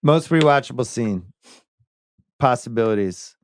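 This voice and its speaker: A man's voice: medium pitch, expressive, measured pace, slight background noise. A man hosting a podcast, talking through a film in casual chat with enthusiastic, insistent energy. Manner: enthusiastic, argues with playful insistence. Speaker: podcast host. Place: podcast studio.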